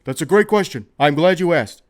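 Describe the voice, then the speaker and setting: A man putting on the voice of an older male politician turned basketball commissioner, giving a loud, slow, emphatic stump speech. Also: fairly high pitch, lively intonation, pitched above the performer's own voice, natural voice. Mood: fired-up.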